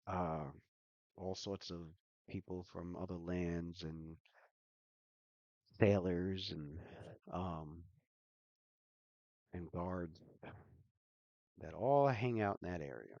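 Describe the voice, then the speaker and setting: A man's voice: low-pitched, slow, long pauses, darkish tone, no room sound, dull audio. A man running a live tabletop game as game master, explaining the world in a loose, rambling way with lots of fillers. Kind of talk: narrating a tabletop game, casual.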